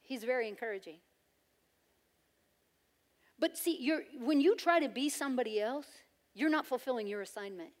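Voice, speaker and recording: Woman preacher with a high voice, loud and emphatic, playful humor. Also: animated, normal speed, long pauses. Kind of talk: sermon.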